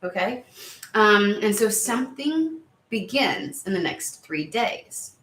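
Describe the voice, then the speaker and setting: A woman's voice: medium pitch, lively intonation, slow pace, fairly bright tone, slight background noise. Chatty rambling woman in an echoey room. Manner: chatty, rambling, easily sidetracked. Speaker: tarot reader. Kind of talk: casual tarot reading to camera.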